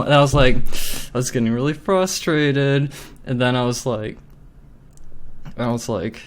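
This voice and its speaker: A man's voice: medium pitch, normal speed. A man telling a story in a loose, rambling way. He swears constantly and packs his sentences with filler words. He sounds agitated and worked up. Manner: profane, agitated, filler-heavy. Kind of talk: casual storytelling.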